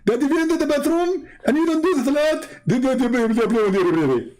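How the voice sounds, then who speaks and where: A smug, pompous preacher lectures in a high, sing-song voice that swoops up and down. A man puts him on for a comedy skit. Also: animated, quick pace, darkish tone, low-quality recording. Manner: pompous, condescending, talks in a mock accent. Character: mock impression of a preacher, male, pompous, smug.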